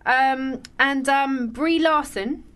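A woman's voice: sits high, slow, a bit bright, clean tone. A woman co-hosting a casual chat show, talking in a rambling way with lots of fillers. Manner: chatty, rambling, many fillers. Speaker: podcast co-host.

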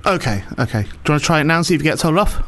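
A man's voice: a little high, animated, rapid-fire, a bit bright, a little hiss or hum. A man hosting a radio show, bantering casually, teasing his guest, swearing freely and laughing often.

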